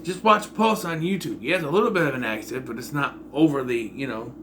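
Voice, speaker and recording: A man giving a casual, rambling spoken movie review, often clearing his throat. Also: medium pitch, brisk, fairly bright tone, a little hiss or hum.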